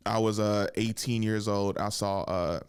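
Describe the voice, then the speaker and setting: A man in his thirties, a comedian hosting a podcast, talking casually in a rambling, profane, animated way in a podcast studio. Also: on the low side, a little slow, smooth. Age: 30s.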